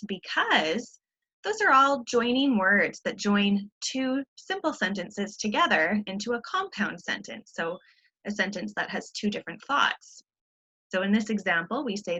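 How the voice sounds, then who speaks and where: A woman's voice: mid-range voice, animated, measured pace, pushed and bright, dull audio. A woman teacher giving a recorded online grammar lesson, explaining patiently step by step with frequent ums.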